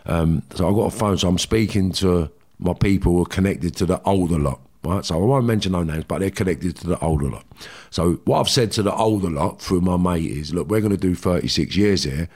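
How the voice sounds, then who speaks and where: A low-voiced middle-aged man tells his story in a blunt, slangy way. He swears freely and acts out the back-and-forth as he goes. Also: fairly quick. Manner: blunt, heavy swearing, slangy, animated retelling. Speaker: guest telling his life story. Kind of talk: casual storytelling.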